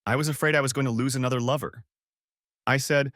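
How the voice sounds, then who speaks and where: A man narrating a first-person story as an audiobook reader with a steady storytelling manner. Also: mid-range voice, fast talker, no room sound, studio quality.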